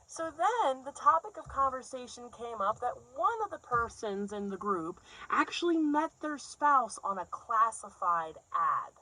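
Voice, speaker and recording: A woman doing stand-up comedy, telling a story in an animated way and acting out the scenes. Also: fairly high pitch, measured pace, hardly any pauses, poor audio. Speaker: stand-up comic.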